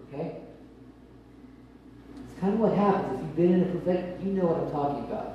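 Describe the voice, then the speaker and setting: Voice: mid-range voice, expressive, fairly quick, dark tone, a little hiss or hum. Preacher, informal sermon, storyteller who plays the quotes; distant mic, long hall reverb. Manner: tells stories and acts out quoted characters. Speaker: preacher teaching on spiritual gifts.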